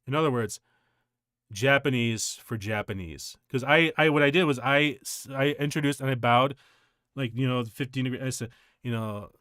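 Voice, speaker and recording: A male streamer telling a personal story in casual chat, rambling and halting, with many restarts. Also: mid-range voice, a bit bright, smooth, no echo, clean studio sound.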